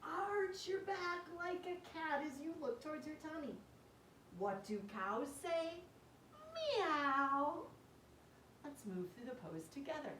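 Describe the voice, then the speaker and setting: A woman teaching yoga to young children, reading a story aloud and guiding poses gently, making animal sounds along the way. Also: high-pitched, expressive, unhurried. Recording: roomy echo, distant mic, faint background noise.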